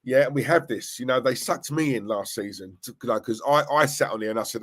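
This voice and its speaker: A young man hosting a live stream, chatting casually, reading viewer comments and reacting with animated, rambling restarts. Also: fast. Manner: animated, rambling, restarts and laughs, pitch jumping when worked up. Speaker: fan channel live-stream host.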